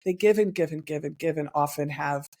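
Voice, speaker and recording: An interviewer with a mid-range voice who asks gentle, caring questions. The tone is conversational and attentive. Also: mid-range voice, brisk.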